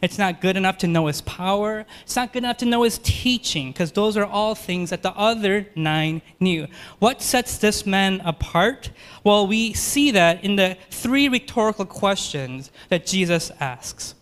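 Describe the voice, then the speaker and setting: High-voiced earnest male preacher. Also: animated, fairly bright tone, smooth. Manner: earnest, rhetorical, shifts between quick and slow emphatic phrasing. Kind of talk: sermon.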